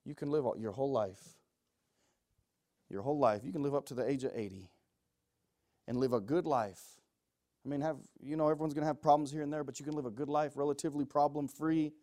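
A man preaching a sermon, moving from quiet, pleading passages to loud, shouted ones. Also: medium pitch, a little fast.

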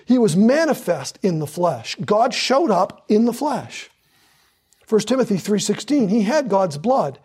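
A man's voice: high-pitched, very animated, a little slow, darkish tone, breathy edge. A man preaching a sermon with fervor, hammering points through repetition and drawing out scripture for emphasis.

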